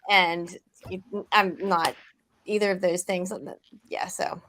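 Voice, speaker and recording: A woman musician chatting on a live-stream panel, talkative with halting restarts and frequent laughs. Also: fairly low pitch, fairly even intonation, fairly bright tone, a little hiss or hum. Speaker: singer-songwriter guest. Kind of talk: casual panel chat.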